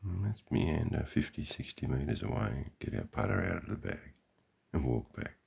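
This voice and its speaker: A man's voice: very deep voice, animated, moderate pace, creaky, a little mellow, husky. An Australian man giving a sarcastic, profane running commentary outdoors beside a golf green. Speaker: vlogger.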